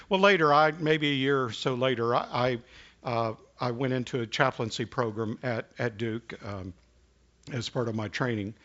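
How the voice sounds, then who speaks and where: Middle-pitched preacher guy, halts and restarts a lot, keeps coughing, muffled lo-fi recording. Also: a bit bright. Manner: halting and earnest, with many restarts. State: coughing now and then. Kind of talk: sermon with personal stories. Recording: dull lo-fi recording.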